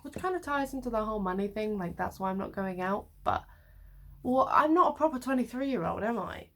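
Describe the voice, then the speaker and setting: A woman's voice: fairly high pitch, expressive, fairly quick. A woman in her twenties chatting to camera in her bedroom, rambling along with wry, self-mocking asides. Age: 20s. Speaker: vlogger. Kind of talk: casual chat to camera. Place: her bedroom, sitting on the floor.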